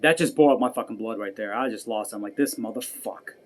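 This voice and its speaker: A man's voice: fairly low pitch, fast talker. A man vlogging an angry personal rant, profane and heated, repeating himself as he goes. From United States.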